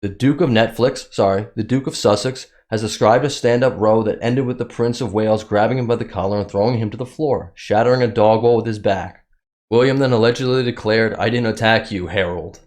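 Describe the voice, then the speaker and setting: A man with a mid-range voice delivering sarcastic news commentary. He reads excerpts aloud in a steady, plain tone and mocks them between passages. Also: medium pitch, a little fast. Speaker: commentary vlogger.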